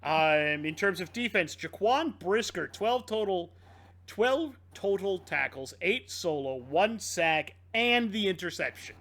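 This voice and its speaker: A man's voice: high voice, takes it slowly. A man co-hosting a casual sports podcast, reading off game stats. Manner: reads off game stats in a lively, rising-and-falling delivery. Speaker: podcast co-host.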